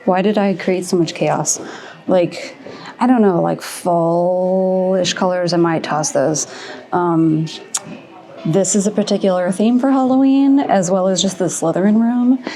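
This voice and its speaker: A woman craft vlogger chatting casually and excitedly, often laughing at herself, a little out of breath. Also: on the low side, a little slow. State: a bit out of breath. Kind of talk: casual shop-with-me vlog chat.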